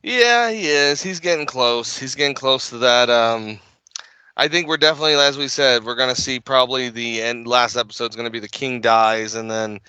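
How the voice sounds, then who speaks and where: A man co-hosting a casual podcast chat, animated and quick to laugh. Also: mid-range voice, clear, resonant tone. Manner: animated, laughs often, does quick impressions. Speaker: podcast co-host.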